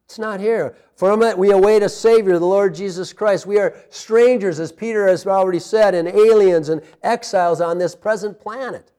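A man's voice: sits high, moderate pace, hardly any pauses, mellow, smooth. A man preaching a sermon as a pastor, conversational, with personal asides, laughs and calls of amen.

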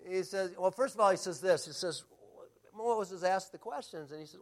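A middle-aged man preaching in a fairly high voice, telling stories from the pulpit. He pushes key lines out loudly, then drops into quiet, confiding asides. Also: moderate pace. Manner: storytelling, swings between loud emphasis and quiet asides. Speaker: pastor. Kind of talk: sermon.

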